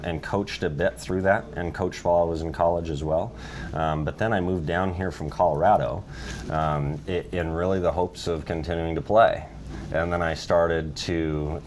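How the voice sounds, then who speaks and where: A young man, a golf coach, talking casually as a guest and often chiming in with quick agreement. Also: rumbling low, darkish tone, slight background noise. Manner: agreeable, quick to affirm with short interjections. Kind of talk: casual interview chat.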